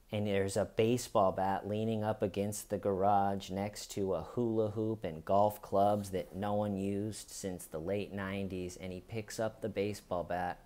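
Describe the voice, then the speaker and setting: A man hosting a podcast, telling a true crime story in a deliberate, dramatic way with long pauses. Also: lowish voice. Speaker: podcast host.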